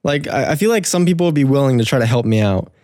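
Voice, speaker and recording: A man chatting casually at a quick clip, thinking his points through aloud. His pitch sits in the middle range. The recording is dry and close. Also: expressive, a little mellow, dry recording. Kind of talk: casual chat.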